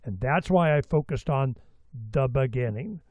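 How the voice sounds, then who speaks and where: A man's voice: medium pitch, lively intonation, normal speed, darkish tone, no echo, muffled recording. A man hosting a talk show in casual chat, rambling and full of filler phrases. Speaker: show host.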